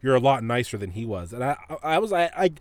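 Animated, profane man telling a story. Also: medium pitch, quick pace, no echo. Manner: profane, laughs often, animated retelling. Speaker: podcast host. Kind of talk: casual storytelling monologue.

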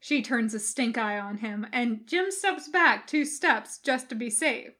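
A woman reading fan fiction aloud as a podfic narrator. Her storytelling is measured and her voice sits high. She keeps an unhurried pace. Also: pushed and bright. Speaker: podfic reader.

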